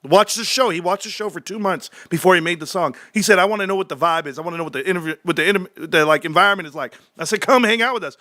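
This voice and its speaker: Brash high-voiced man ranting on a livestream. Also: racing, few pauses, no room sound, clean studio sound. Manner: swings from low muttering to shouting excitement; profane, brash. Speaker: livestream host. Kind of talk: casual livestream rant.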